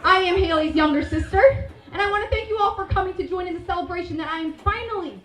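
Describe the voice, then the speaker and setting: High-voiced young woman giving a toast. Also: fast, slight background noise. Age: 20s. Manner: animated storytelling, giggling often. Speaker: maid of honor. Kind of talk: wedding toast. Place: wedding reception hall. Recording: roomy reception hall, voice from a distance.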